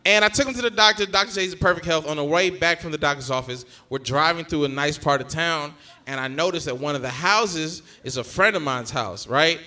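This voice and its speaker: Young man, stand-up comic, high bright voice, animated storytelling. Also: fairly quick. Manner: animated storytelling, acting out family members. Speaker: stand-up comedian. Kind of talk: stand-up set.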